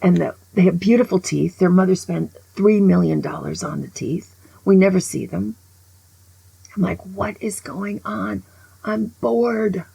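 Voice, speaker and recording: An older woman past sixty-five with a very husky, breathy voice and a gravelly fry on her words. She talks straight to camera in a grumbling, opinionated way. She tells stories with lots of life and keeps slipping into half-whispered asides. The sound is close and dry. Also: medium pitch, no room sound, poor audio. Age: over 65. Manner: grumbling, animated storyteller who often drops to a whisper. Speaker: vlogger. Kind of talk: casual opinionated monologue.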